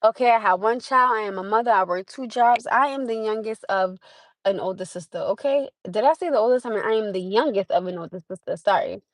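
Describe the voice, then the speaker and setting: A woman's voice: mid-range voice, brisk, no echo, low-quality recording. A tired woman hosting a casual livestream, chatting bluntly and swearing freely. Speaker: livestream host. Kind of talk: casual chat.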